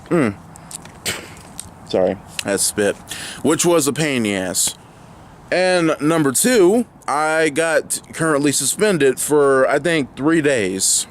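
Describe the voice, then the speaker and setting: A man's voice: on the high side, expressive, slow, a little hiss or hum. A young man vlogging outdoors near his home, ranting indignantly and rambling with lots of fillers and restarts. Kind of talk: angry ranting vlog.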